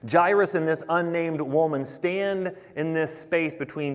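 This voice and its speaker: A man's voice: on the high side, normal speed, few pauses. A man preaching a sermon, conversational and emphatic, talking to the congregation as guys. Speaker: pastor. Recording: long hall reverb.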